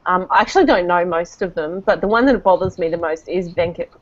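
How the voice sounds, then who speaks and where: A woman's voice: fairly low pitch, brisk. A woman, thinking aloud in a casual book club chat. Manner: chatty, thinks aloud with fillers. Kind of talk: casual discussion. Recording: dull lo-fi sound.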